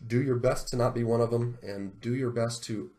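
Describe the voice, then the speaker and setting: In this video, a man with a mid-range voice and moderate pace alternates between solemnly reading scripture aloud and commenting on it with animated indignation.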